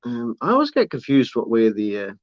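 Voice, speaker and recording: A man's voice: mid-range voice, wildly swooping pitch, a little fast, no room sound. Chatty man, dull lo-fi sound. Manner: chatty, fond baby talk to his spider. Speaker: livestream host showing pet reptiles and spiders. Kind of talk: casual livestream chat. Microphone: camera on a tripod, close by.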